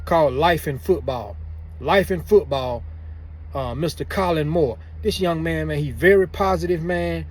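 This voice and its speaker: A man's voice: fairly high pitch, moderate pace. A man telling a story to camera in casual slang, repeating himself as he goes. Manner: repetitive, loose, drawling speech with slang. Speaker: vlogger telling prison stories.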